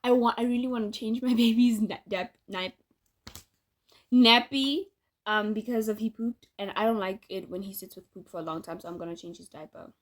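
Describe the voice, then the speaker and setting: A woman's voice: medium pitch, normal speed. A woman, talking casually and frankly to her viewers, often breaking into laughter. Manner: opinionated, chatty, laughs often, addresses viewers directly. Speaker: vlogger and podcaster. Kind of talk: casual direct-to-camera monologue.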